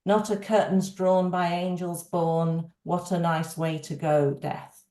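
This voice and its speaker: A woman reading a poem aloud in a measured, unhurried way on a video call. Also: lowish voice, level tone, warm tone, reverberant.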